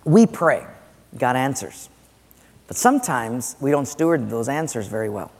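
A man's voice: mid-range voice, sing-song, measured pace, a little mellow. A man preaching a sermon as pastor, conversational and joking, putting questions to the congregation. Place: large church sanctuary. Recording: long church hall reverb.

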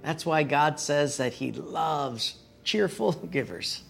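A man's voice: fairly high pitch, lively intonation, slow, vocal fry, fairly bright tone, faint music behind. A middle-aged male pastor preaching a sermon, telling a personal story with folksy, self-deprecating humor.

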